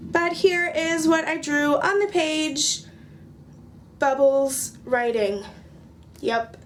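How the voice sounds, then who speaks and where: A woman's voice: high-pitched, slow pace, slight background noise. A young woman casually chatting through her journal pages in a vlog, joking at herself with dry sarcasm. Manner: chatty, self-mocking, sarcastic jokes. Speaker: craft journaling vlogger. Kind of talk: casual chat.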